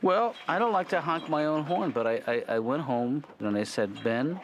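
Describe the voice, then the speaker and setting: Dry-witted and soft-spoken, this middle-aged cartoon therapist, voiced by a man, hems and restarts his sentences in a deadpan way. His pitch rises and falls with lively movement even while his manner stays low-key. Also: moderate pace, crowd noise, natural voice.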